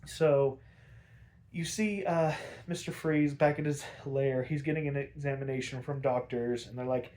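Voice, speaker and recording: A man's voice: mid-range voice, steady tone, measured pace, darkish tone. A man hosting a podcast, casually recapping an episode in a rambling way with lots of fillers and easy swearing. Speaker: podcast host.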